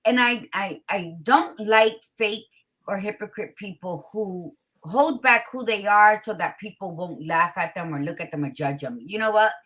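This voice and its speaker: A woman hosting a casual talk show, blunt and expressive, with a tired morning voice, dropping in Spanish greetings. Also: mid-range voice, moderate pace. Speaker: podcast host. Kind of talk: casual chat.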